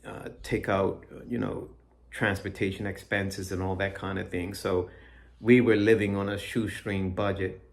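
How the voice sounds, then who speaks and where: A middle-aged man giving a personal religious testimony, earnest and halting, with frequent restarts. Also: sits low, level tone. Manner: reads scripture aloud. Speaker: Christian speaker giving his testimony. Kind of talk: personal testimony, reflective talk.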